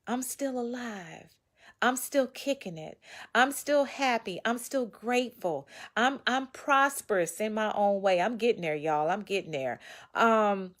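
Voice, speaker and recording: A woman author giving casual, preachy motivational advice straight to her viewers. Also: mid-range voice. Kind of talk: casual motivational talk to camera.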